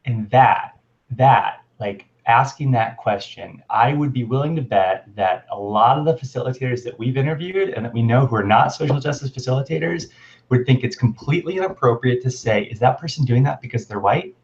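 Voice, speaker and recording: A man with an average-pitched voice co-hosts a conversation, posing probing questions with a playful edge. The audio has a slightly dull, lo-fi quality. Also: moderate pace. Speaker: co-host. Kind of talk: conversational interview.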